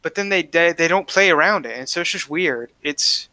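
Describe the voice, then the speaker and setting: A man's voice: on the high side, lively intonation, normal speed, sharp tone, dry recording. A man co-hosting a casual esports podcast, breaking down matches in an opinionated, emphatic way and driving his points home by repeating them. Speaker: podcast co-host. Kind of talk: casual esports analysis chat.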